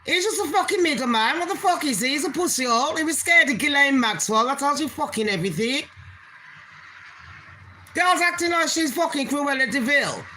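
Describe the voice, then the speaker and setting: High bright-voiced woman ranting. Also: animated, a little fast, slight background noise. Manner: blunt, heavily profane and scornful. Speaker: channel host. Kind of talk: casual ranting commentary.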